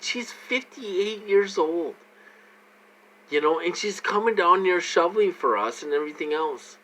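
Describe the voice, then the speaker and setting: Man, 40s, personal vlog, agitated, repetitive, bright tone, lots of fillers. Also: high voice, lively intonation, unhurried, low-quality recording. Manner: restarts and trailing fillers. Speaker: vlogger.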